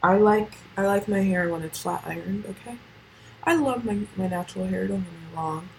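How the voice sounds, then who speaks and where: A woman's voice: medium pitch, moderate pace, gravelly, slight background noise, rough recording. A teenage girl hosting a casual solo podcast, rambling with lots of fillers and swearing. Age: teens. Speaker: podcast host.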